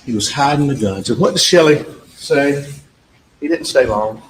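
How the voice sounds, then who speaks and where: A man's voice: medium pitch, expressive, normal speed. A man giving a closing argument to a jury, emphatic and repetitive, speaking straight to the jurors in a courtroom. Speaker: trial attorney. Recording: echoey courtroom audio with faint background noise.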